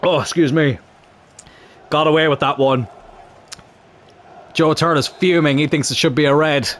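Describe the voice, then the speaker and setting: Excitable young man commentating a game. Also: fairly high pitch, normal speed, slight background noise. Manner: excitable, shouts at big moments. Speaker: gaming YouTuber.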